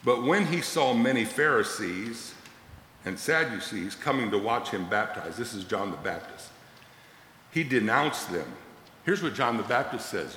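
Male pastor, sermon, animated dramatic delivery, bright voice, echoey church hall. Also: on the low side, unhurried, a little hiss or hum. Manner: animated, dramatic scripture quoting.

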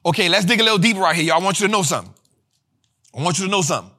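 A man hosting a finance show, talking in energetic casual commentary, slangy and animated, repeating lines for emphasis. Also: sits high, rapid-fire.

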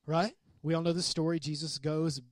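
A man preaching a sermon as a pastor, animated and conversational, acting out quoted voices. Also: on the high side, normal speed, no room sound.

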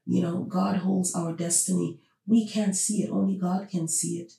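Here a woman runs a podcast and works through her views using forceful, repeated rhetorical questions. She speaks at a moderate pace in a lowish, steady, warm voice with some creak, captured in a roomy space well away from the microphone.

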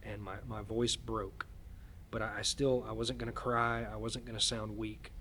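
A man speaking as a podcast guest in casual storytelling, halting and repeating words as he earnestly recounts a frightening event. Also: lowish voice, level tone, bright, forceful tone, a little hiss or hum. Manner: earnest, shaken retelling.

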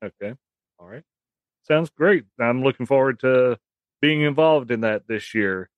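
A man's voice: mid-range voice, measured pace, dry recording, highs cut off. Man asking questions in a dry, close sound. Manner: brief backchannels, hesitant questions. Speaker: podcast host. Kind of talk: casual interview questions.

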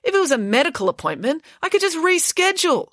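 A spoiled schoolgirl whines in a sharply raised, drawn-out voice, as a woman reading a storybook puts her on. The recording is close and dry. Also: very animated, fairly bright tone, dry recording, full character voice. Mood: petulant. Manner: high, petulant and drawn-out. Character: spoiled whiny teenage schoolgirl.

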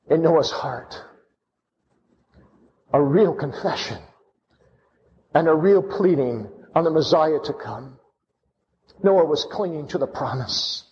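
A man's voice: a little high, darkish tone. A man preaching a sermon with impassioned fervor, his voice rising to cries at its peaks. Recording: lo-fi with long hall reverb.

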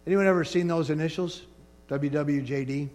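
A man preaching a sermon as pastor, animated and playful, asking the congregation for responses. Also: a little high, moderate pace, slight background noise. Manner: animated preaching, rising and falling emphasis, call-and-response asides.

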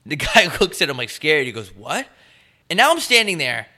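Animated young man telling a story. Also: on the high side, brisk. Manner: animated storytelling, swearing, acts out voices of people he met. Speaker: podcast co-host. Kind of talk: casual chat.

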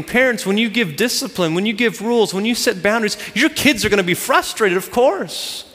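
A man's voice: high-pitched, lively intonation, fairly quick, hardly any pauses, pushed and bright, in a large hall. A man preaching a sermon to a congregation, driving his points home with emphatic repeated phrases. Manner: emphatic, repetitive preaching cadence. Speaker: pastor.

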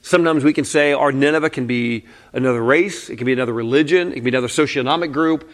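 A man's voice: medium pitch, very fast. A man preaching a conversational sermon in a candid, casual way, often saying "man" and breaking into short laughs. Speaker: pastor.

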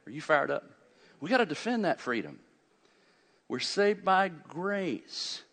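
A man preaching a fiery sermon, swinging from loud urgent peaks to quiet low asides and asking his congregation questions. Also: very animated, measured pace. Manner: asks the congregation questions and answers them. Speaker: pastor. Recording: long hall reverb.

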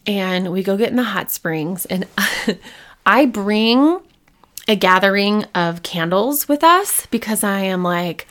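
Animated woman telling a personal story. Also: slow pace. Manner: animated, acts out her own past lines with big pitch jumps. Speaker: podcast host.

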